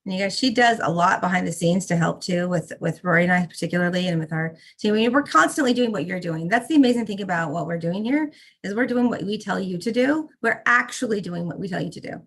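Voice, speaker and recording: A woman's voice: on the low side, lively intonation, fast talker, fairly bright tone, husky. A middle-aged woman co-hosting a members' call, effusive and motherly, talking in a casual chat style. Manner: effusive, motherly, fiercely protective.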